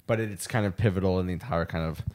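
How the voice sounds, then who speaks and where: Low-voiced, wry man on a podcast. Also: fast, a little mellow. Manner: wry, reflective, teasing. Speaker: podcast co-host. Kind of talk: casual film-discussion chat.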